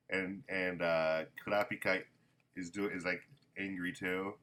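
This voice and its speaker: A man's voice: low-pitched, fairly even intonation, measured pace, fairly bright tone. A man casually reviewing a manga volume, rambling with many ums and self-corrections.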